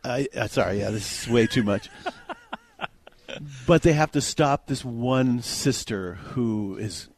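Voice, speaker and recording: A man's voice: mid-range voice, slow. A man co-hosting a radio movie show, reviewing films in a rambling, joking way and laughing often. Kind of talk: casual radio chat.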